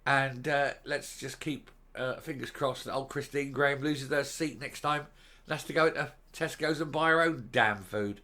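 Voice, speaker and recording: Man, middle-aged, angry vlog rant, mocking and insulting, bright cutting voice. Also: medium pitch, normal speed. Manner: furious, insulting and mocking, loud outbursts. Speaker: political commentary vlogger. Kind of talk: angry ranting commentary.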